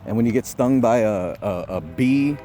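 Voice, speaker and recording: A man's voice: lowish voice, animated, moderate pace, over music. A man talking to the camera in a casual, rambling vlog, swearing a lot and often restarting his sentences. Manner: rambling, profane, repeats words and restarts often. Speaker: vlogger giving dating advice.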